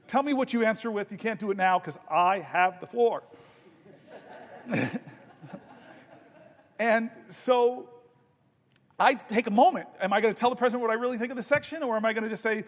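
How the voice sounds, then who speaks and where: High voiced guy in his 50s, senator doing a long floor speech, chatty and halting, big echoey chamber. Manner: conversational, halting restarts. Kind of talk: marathon floor speech, storytelling. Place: large legislative chamber.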